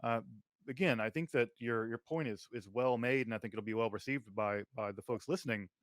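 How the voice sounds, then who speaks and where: A man's voice: medium pitch, a little fast, dry recording. A man hosting an academic conversation, speaking emphatically and articulately. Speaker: podcast host.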